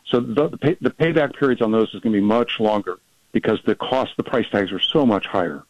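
A man, a policy researcher, talking fast as a guest in a radio interview, with many restarts and fillers. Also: on the low side, no echo, lo-fi sound.

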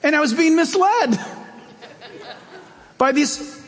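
In a church, a pastor delivers a sermon in a fairly high voice that rings through a long hall reverb. He takes it slowly, preaching in an animated, storytelling style, his pitch jumping up and down as he acts out his points.

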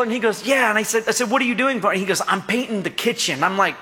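A middle-aged male pastor preaches with a high, bright, ringing voice. He jokes, tells stories and keeps asking the church to answer back. His voice carries a long reverb through the church hall. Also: rapid-fire, slightly rough. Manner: jokey, storytelling, asks the congregation for responses. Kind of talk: sermon.

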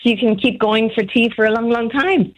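A woman with a Southern Irish accent who calls in to a radio show, chatty and quick to laugh. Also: a little high, no echo, poor audio. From Ireland. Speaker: caller. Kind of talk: casual phone-in chat.

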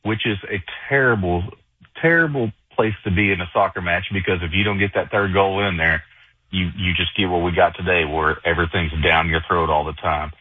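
A man's voice: low voice, fairly quick, husky, no room sound. A man from Arkansas calling in to a sports talk show, talking casually and often repeating words while he thinks. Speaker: caller. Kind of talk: casual call-in sports chat. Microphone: phone. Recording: phone line, dry.

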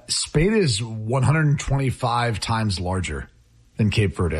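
A man co-hosting sports talk radio with a husky, slightly rough voice and a mid-range pitch. He is chatty and teasing, throwing in quick asides on a studio microphone.

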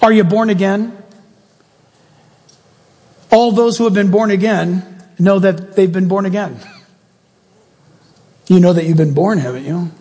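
A male pastor preaching a sermon in an animated, jokey way, often asking the congregation questions. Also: high voice, unhurried, pauses often, slightly rough, in a large hall.

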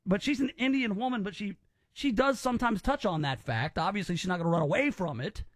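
A man's voice: high-pitched, lively intonation, fast talker, dry recording, studio quality. A man hosting a podcast, giving opinions in casual chat and often repeating words as he restarts. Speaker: podcast host.

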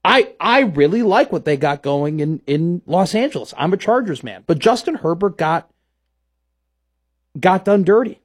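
A man hosting a casual sports talk show, rambling playfully and getting animated about his team. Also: high-pitched, moderate pace, breathy edge.

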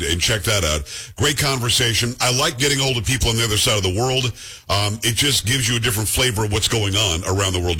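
A middle-aged man hosts his talk radio show from the studio, talking fast and bantering loosely with quick jokes. His voice is bright with a slightly husky edge. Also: lowish voice. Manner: chatty, joking, quick asides.

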